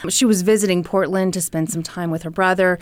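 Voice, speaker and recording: A woman co-hosting a podcast, telling a story with playful teasing and dramatic pauses. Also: fairly low pitch, steady tone, no room sound. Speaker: podcast co-host. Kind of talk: comedic storytelling.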